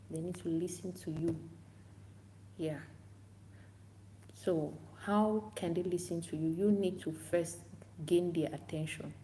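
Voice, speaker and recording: A woman English teacher giving casual tips to camera, unhurried and repetitive, acting out classroom chants aloud. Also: fairly low pitch, mellow, slight background noise.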